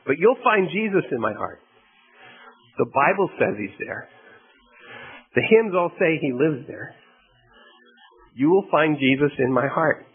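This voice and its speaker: A man's voice: on the high side, lively intonation, measured pace, long pauses, husky, heavily acted. A man voicing a persistent little boy facing surgery, who speaks insistently and earnestly. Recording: tinny phone-like radio broadcast.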